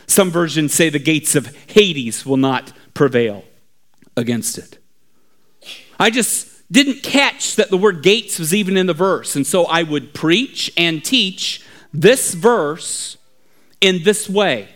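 Man, pastor, storytelling sermon, slow drawn-out delivery, hushed to shouted. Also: medium pitch, animated.

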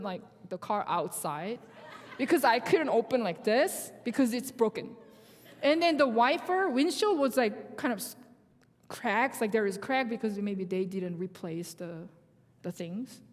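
A woman with a Korean accent tells her faith testimony in English, which is not her first language, pausing and restarting often. Her voice sits on the higher side. It rings with the long reverb of a large hall. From South Korea. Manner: halting, restarts often, laughs through her story. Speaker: guest speaker sharing testimony.

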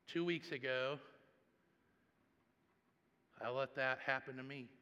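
A man preaching a sermon and telling a personal story, swinging between hushed, quiet passages and loud, animated ones. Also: mid-range voice, takes it slowly, clear, resonant tone, in a large hall, dull audio. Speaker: pastor.

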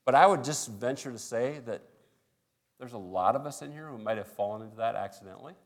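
A man's voice: mid-range voice, fast. A male pastor preaching a sermon in a conversational way, acting out little everyday dialogues.

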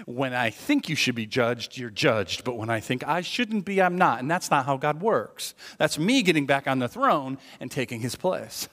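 A man preaching a sermon as pastor, moving from hushed, confessional lines to loud, emphatic points in a conversational style. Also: medium pitch, sing-song, moderate pace. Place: church sanctuary. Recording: long church-hall reverb.

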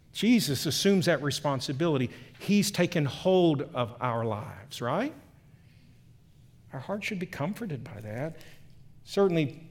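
A man preaching a sermon to a room, reading scripture and swinging from hushed tones to emphatic lines. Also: high voice. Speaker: pastor. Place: church or meeting room.

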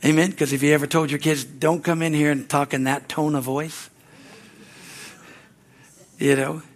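A man's voice: a little high, little pitch movement, moderate pace. An older man preaching a sermon as pastor, in a folksy, conversational way with frequent chuckles, speaking in a church. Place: church sanctuary.

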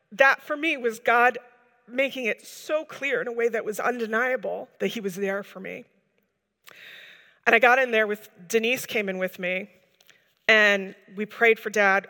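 A woman shares a heartfelt testimony before a live gathering, talking earnestly and loosely with lots of "like"s. Her voice has a bright, sharp edge, and it carries a long reverb off the walls of a large hall. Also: mid-range voice. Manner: earnest, rambling storytelling with many "like"s. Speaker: church member giving a testimony.

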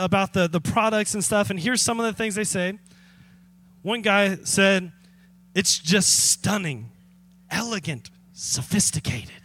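A man preaching as a pastor, telling a story in a lively, conversational way with direct appeals to the congregation. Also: high-pitched. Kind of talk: sermon.

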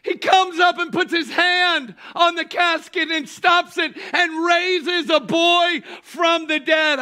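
A pastor with a very high, bright, ringing voice delivers a sermon at an unhurried pace. He leans hard on key phrases, breaks into shouts for emphasis, and calls on the crowd to say lines back to him. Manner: emphatic preaching, bursts of shouting; calls on the congregation to respond.

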